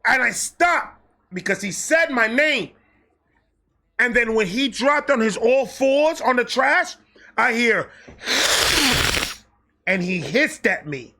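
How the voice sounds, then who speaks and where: A man from New York with a New York accent telling a personal story in an animated, profane way, jumping between loud bursts and low muttered asides. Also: slow pace, pauses often. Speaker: storyteller host.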